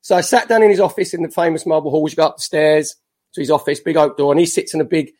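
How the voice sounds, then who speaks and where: A man in his fifties, a former footballer, telling lively anecdotes as a podcast guest with self-mocking jokes. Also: fairly high pitch, quick pace.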